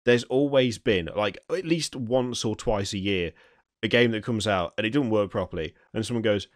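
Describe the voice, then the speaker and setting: A man's voice: fairly low pitch, animated, moderate pace, no room sound, studio quality. A man hosting a gaming podcast, reading news items aloud and then ranting about them with stammering restarts. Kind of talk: news reading and casual chat.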